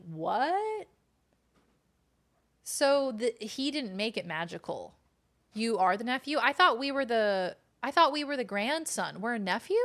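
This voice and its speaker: A woman's voice: a little high, a bit bright. A woman streaming a game in casual, chatty commentary, now and then cooing baby talk at her kitten.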